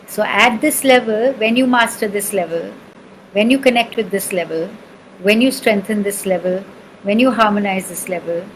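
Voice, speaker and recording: A woman's voice: mid-range voice, normal speed, slight background noise, poor audio. A woman with an Indian accent teaching sound healing, patiently repeating syllables and checking that the listener follows. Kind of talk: spoken lesson with chanting demonstrations.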